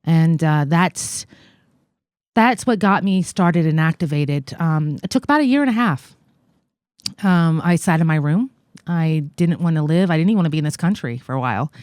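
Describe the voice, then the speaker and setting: American woman in her 40s, guest in an interview, slow halting earnest talk with lots of ums, mid pitch, dry close sound. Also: lively intonation, a little mellow, clean tone, dry recording. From United States. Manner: halting and earnest, many fillers, quotes others. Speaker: guest, congressional candidate. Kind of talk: personal story in an interview.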